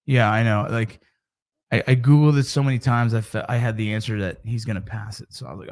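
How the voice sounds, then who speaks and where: A man's voice: lowish voice, fast talker, a little mellow. A middle-aged man and father talking casually to camera about mentoring, in a rambling, conversational way with frequent restarts.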